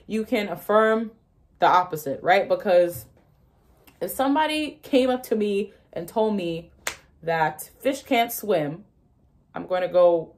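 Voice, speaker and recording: A woman's voice: lowish voice, measured pace, darkish tone. A young woman who talks casually and emphatically, laughing often and acting out inner voices as she explains ideas to her viewers. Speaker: manifestation content creator.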